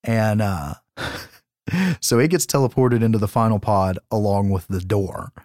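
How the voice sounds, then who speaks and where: A man co-hosting a podcast, recapping a horror film in a casual, profane, animated way. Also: on the low side, a little slow, no echo, clean studio sound. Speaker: podcast co-host. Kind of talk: casual chat.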